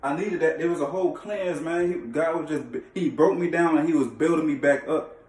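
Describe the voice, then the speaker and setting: A man's voice: on the high side, fairly quick, darkish tone. Earnest man, echoey and far off. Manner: earnest, repetitive, slangy, often restarts phrases. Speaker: vlogger sharing a faith testimony. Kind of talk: casual personal testimony. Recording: echoey room, distant mic.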